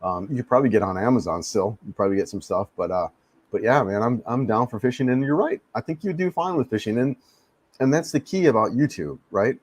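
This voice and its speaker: A man's voice: medium pitch, expressive, a little fast, dry recording. A man, hosting a casual live stream, easygoing and rambling, often repeating his words. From United States. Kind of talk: casual live-stream chat answering viewers. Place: home in the Philippines. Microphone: desk mic he adjusts.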